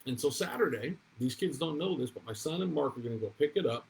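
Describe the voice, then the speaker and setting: A man's voice: fairly high pitch, lively intonation, fast, vocal fry, a little hiss or hum, low-quality recording. A man from Maine in his forties, hosting a casual chat show and telling stories with many ums and restarts. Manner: rambling, warm storytelling with many ums and restarts. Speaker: real estate broker and show host. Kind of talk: casual morning chat to viewers.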